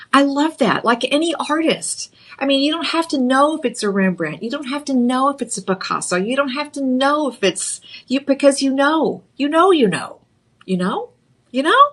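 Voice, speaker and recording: A woman's voice: high voice, a bit bright. Chatty woman home shopping host. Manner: chatty, playful, persuasive, calls viewers honey. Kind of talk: live home shopping sales pitch.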